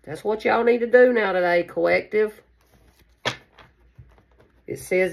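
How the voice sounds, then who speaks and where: Woman, tarot reader, chatty, affectionate, casual talk to camera, mid-pitched voice. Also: unhurried, vocal fry, long pauses. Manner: chatty, affectionate, calls listeners baby.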